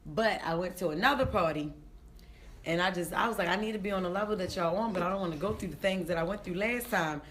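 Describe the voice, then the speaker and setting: Animated woman telling stories. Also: fairly low pitch, fast, slight background noise. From Baltimore, Maryland, USA. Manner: animated, acts out quotes in voices, laughs often. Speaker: comedian guest. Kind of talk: casual interview storytelling.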